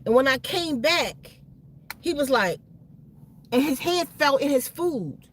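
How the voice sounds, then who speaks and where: A woman with a high-pitched voice tells a personal story to her channel. Her speech is slangy and animated. She stumbles over and repeats words as she goes. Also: takes it slowly. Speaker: channel host.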